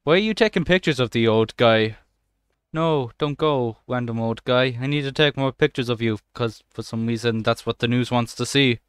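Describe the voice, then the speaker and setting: A young man giving a casual, jokey let's-play commentary, excitable and swearing often as he plays. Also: medium pitch, a little fast, clear, resonant tone, dry recording. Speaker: gaming channel host.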